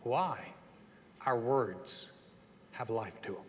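A man with a Southern US accent preaching a sermon in a folksy, animated way, often asking the congregation questions. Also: mid-range voice, slow, big-room sound, a little hiss or hum. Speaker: pastor.

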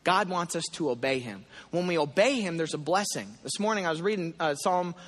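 A man preaching a sermon in a church, telling a story with animated asides and acted prayers. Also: a little high, brisk. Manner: animated storytelling, voicing his own prayers. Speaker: pastor. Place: church hall. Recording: long hall reverb.

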